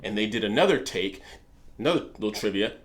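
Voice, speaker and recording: A man's voice: fairly low pitch, expressive, fast. A man co-hosting a casual trivia chat, laughing often and telling stories at length. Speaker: co-host.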